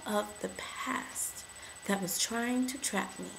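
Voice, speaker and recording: A woman giving an emotional testimony to camera, repeating affirmations and rising to shouts. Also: mid-range voice, slow, vocal fry, poor audio.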